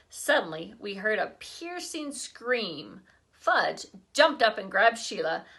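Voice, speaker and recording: Teacher, woman, expressive read-aloud with asides; high, bright voice. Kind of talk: reading a children's book aloud.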